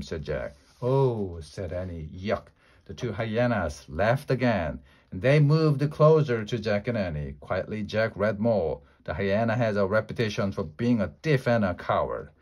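A man's voice: lowish voice, animated, a little slow, a little mellow. Man reading a children's story aloud. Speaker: storybook reader.

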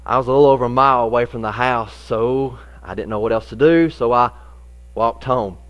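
A middle-aged male pastor with a drawl, telling a homespun story from the pulpit. His voice sits at an ordinary pitch, and a low electrical hum runs under the recording. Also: a little fast, muffled recording. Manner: folksy storytelling, animated in the funny parts, softer when serious. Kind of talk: sermon with personal story.

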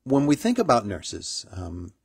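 A man hosting a small-town morning radio show, middle-aged and chatty. His voice sits low and sounds husky. The sound is dry and close, and he keeps restarting phrases with plenty of fillers. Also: wildly swooping pitch, no echo. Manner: halting, many fillers and restarts. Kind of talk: casual radio interview.

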